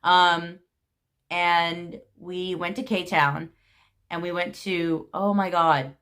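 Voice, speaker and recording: A young woman from the United States telling a story to her camera in a giggly, animated, gushing way. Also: lowish voice, extremely slow. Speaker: vlogger.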